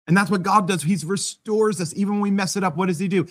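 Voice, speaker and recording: A man's voice: high-pitched, a little fast, few pauses, a bit bright. A man preaching a sermon as pastor, in a conversational style with self-deprecating humor.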